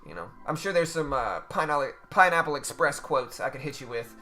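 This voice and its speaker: A man's voice: fairly high pitch, expressive, brisk, sharp tone, faint music behind. A man hosting a live trading stream, chatting casually with viewers in a loose, slangy way. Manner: chatty and loose, talks to chat with slang like bro and dude. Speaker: livestream trading host.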